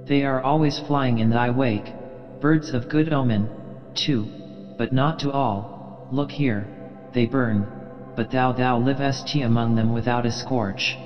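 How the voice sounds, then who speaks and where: A man's voice: medium pitch, fairly even intonation, a little slow, in a large hall, dull audio, soft background music, natural voice. A man reading an audiobook, voicing an obsessed, commanding old sea captain with an intense, imperious manner. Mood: brooding.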